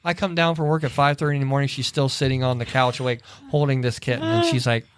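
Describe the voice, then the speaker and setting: A middle-aged man co-hosting a church podcast tells a long, rambling family story in casual chat, acting out the people he quotes. His medium-pitched voice is steady, clear and resonant, and he talks fast.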